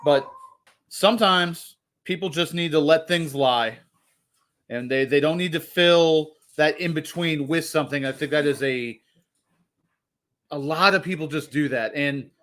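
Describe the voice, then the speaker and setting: A man with a voice pitched a little above the usual, chatting loosely on a movie podcast. He rambles and drifts into jokes as he makes his point. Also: unhurried, a bit bright. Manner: rambling, jokey. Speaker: podcast co-host. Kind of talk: casual movie discussion.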